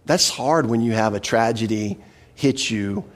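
A man preaching an expository sermon, animated, acting out quoted lines with emphatic voices. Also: on the low side, a little slow. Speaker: pastor. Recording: reverberant hall.

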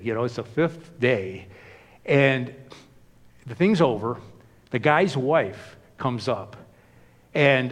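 Conversational male preacher in a hall. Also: medium pitch. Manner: conversational, frequent "you know" asides. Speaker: pastor. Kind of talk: sermon.

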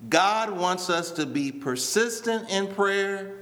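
A man preaching a sermon as pastor, drawing words out slowly for emphasis and speaking to a congregation that answers back. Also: high voice, animated, a bit bright, in a large hall. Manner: preaching with slow drawn-out emphasis; addresses a responding congregation. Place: church.

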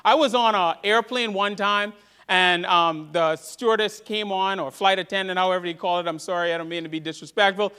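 A man preaching a sermon as pastor to his church, earnest, rising to loud emphasis and dropping to hushed tones. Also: sits high, fairly even intonation, fairly quick, clean tone.

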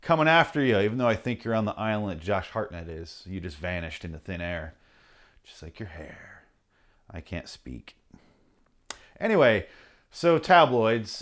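A man hosting a podcast, delivering an angry, sarcastic, profanity-filled comic rant and now and then mocking people in put-on voices. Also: lowish voice. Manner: angry, sarcastic, heavy swearing. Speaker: podcast host reading his rants.

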